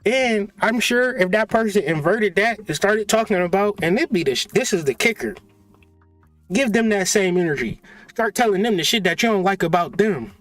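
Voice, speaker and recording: A man hosting a spiritual channel, delivering a profane, mocking, animated comedic rant. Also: high voice, normal speed, no echo, soft background music.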